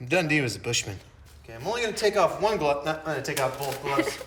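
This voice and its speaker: A man's voice: fairly high pitch, sing-song, fast, fairly bright tone, a little hiss or hum. A middle-aged man chatting casually while working in his home garage, joking and poking fun at himself. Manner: joking, self-mocking, rambling. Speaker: hobby mechanic host.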